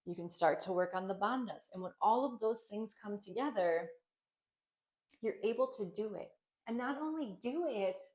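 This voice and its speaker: A woman's voice: mid-range voice, a little mellow. Chatty woman yoga teacher. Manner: chatty, with many ums and likes, laughing lightly. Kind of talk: casual spoken yoga class instruction.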